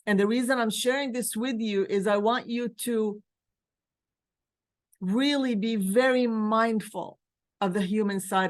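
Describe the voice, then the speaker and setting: A woman from Palestine hosting a virtual spiritual gathering, speaking earnestly and with emotion, urging her listeners, recorded over a video call mic. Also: mid-range voice. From West Bank, Palestine. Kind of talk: heartfelt talk to a virtual group.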